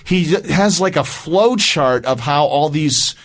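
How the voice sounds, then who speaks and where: A man hosting a podcast, a voice actor himself, chatting casually and telling anecdotes with quick asides. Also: fairly high pitch, animated, fairly bright tone.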